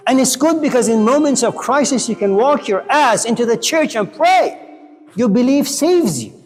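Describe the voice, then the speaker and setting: A man's voice: high-pitched, in a large hall. A man lecturing a college class, passionate and blunt, with casual swearing.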